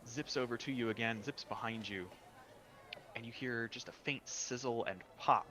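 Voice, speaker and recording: A man's voice: mid-range voice, moderate pace, sharp tone, slight background noise. A man narrating a tabletop game as game master, describing scenes with small hesitations.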